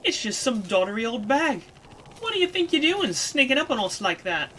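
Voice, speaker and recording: A woman's voice: a little high, sing-song, normal speed, a bit bright, a little hiss or hum, voice pushed up. A woman voicing a brash young female thief who talks bluntly and cockily while reading a game aloud. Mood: cocky. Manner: blunt, cocky, rough slangy talk.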